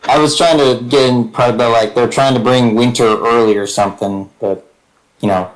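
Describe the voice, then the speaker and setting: Male player, mid-pitched, hesitant, thinks aloud. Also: fairly even intonation, normal speed, low-quality recording. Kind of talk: casual tabletop game play.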